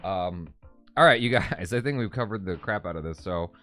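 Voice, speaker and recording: A man co-hosting a casual movie-review live stream, talking in an animated, goofy way. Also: sits low, normal speed, soft background music. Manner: animated and goofy, laughs often. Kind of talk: casual chat.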